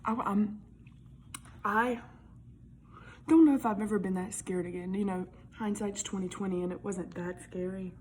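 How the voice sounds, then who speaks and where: A woman's voice: mid-range voice, fairly even intonation, moderate pace, long pauses, darkish tone, a little hiss or hum. Chatty young woman telling a story. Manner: chatty, full of "like", drops into whispered asides, swears freely. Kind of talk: casual personal storytelling.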